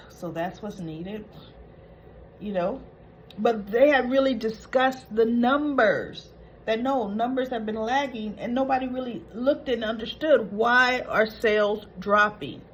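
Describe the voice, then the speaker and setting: A woman with a fairly high voice hosts a casual soap opera recap, chatting through the episode without hurrying. She retells scenes and acts out the characters' quoted lines as she goes. The recording is low quality, with a slight hiss or hum.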